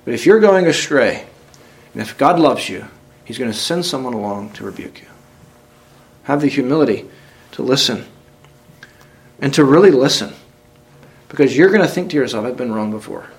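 A man preaching a sermon, reading scripture aloud and asking the congregation direct questions. He talks earnestly, climbing to emphatic peaks and then dropping quiet. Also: medium pitch, expressive, moderate pace, pauses often.

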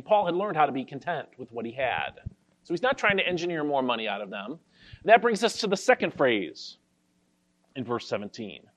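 A man pastor giving an expository sermon, carefully explaining a Bible verse and reading the scripture slowly. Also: a little high.

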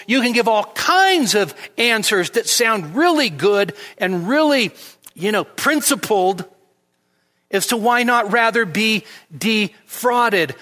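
High-voiced pastor preaching in reverb. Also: male voice, a bit bright. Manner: emphatic, rises sharply on quoted lines. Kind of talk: expository sermon. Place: church sanctuary. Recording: long church reverb.

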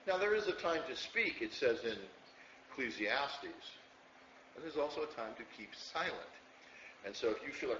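A man's voice: mid-range voice, lively intonation, moderate pace, pushed and bright, distant mic, a little hiss or hum. A man preaching a conversational sermon as a pastor to a small congregation, often checking in with "okay?". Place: church hall, room with congregation. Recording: echoey lo-fi room recording from afar.

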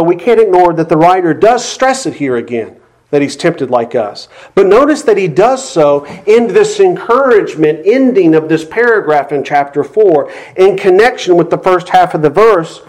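A male pastor delivers an expository sermon to his congregation. He teaches earnestly and leans on emphatic repetition to drive each point home. His voice sits a little on the higher side for a man. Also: a little mellow.

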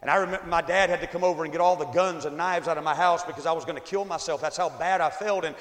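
A man in his forties giving a testimony sermon, swinging from quiet storytelling to shouted climaxes, recorded in an echoey church hall. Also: on the high side, quick pace. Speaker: evangelist. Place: church sanctuary.

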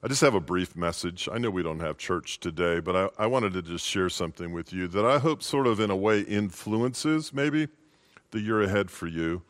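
A man's voice: low voice, animated, normal speed. A male pastor giving a short, informal holiday sermon in a folksy, conversational way.

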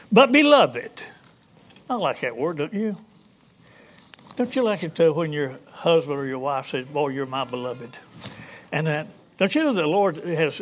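A man preaching a folksy sermon, halting with many fillers and restarts. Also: very high-pitched, bright, forceful tone. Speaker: pastor.

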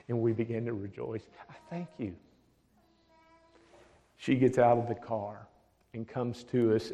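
A man, a pastor, telling a testimony story, dropping to a hush for the words of others. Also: on the low side, muffled recording. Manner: drops to a hushed voice for quoted speech. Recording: long hall reverb.

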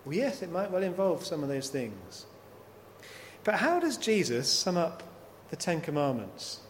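A man's voice: on the high side, very animated, measured pace. A man preaching a sermon, working through scripture with repeated rhetorical questions. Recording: long hall reverb, faint noise.

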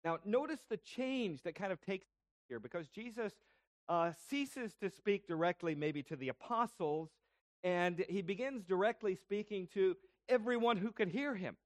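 Guy preaching, kinda high voice, dry close sound, lots of "right?" questions. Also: expressive, normal speed, no room sound. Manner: explanatory, asks rhetorical questions. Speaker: pastor. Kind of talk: sermon.

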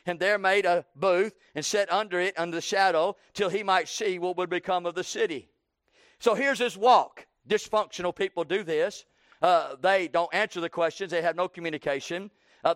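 A man in his sixties preaching a sermon, slowing down for emphasis and breaking into loud acted quotes. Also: sits high, smooth, no echo, studio quality.

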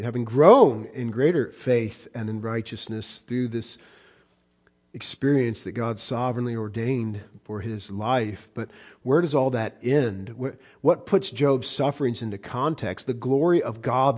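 A man pastor preaching a sermon, emphatic, with rhetorical questions and repetition, swinging between hushed and loud. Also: mid-range voice, measured pace.

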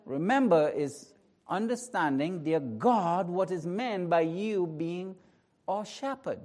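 A man delivers a sermon as pastor, his voice pitched high. He speaks slowly, dropping to a hushed prayer and then building to emphatic, rising lines. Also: lively intonation.

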